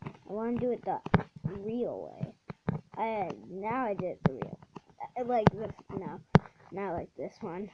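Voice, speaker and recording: Woman playing a game and talking thru it, slow and halting then yelling when she lands a jump, pitch jumping all over, dull noisy recording. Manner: halting, restarts often, bursts into excited exclamations. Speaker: gaming channel host. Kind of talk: casual gameplay commentary. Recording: dull lo-fi audio with steady background noise.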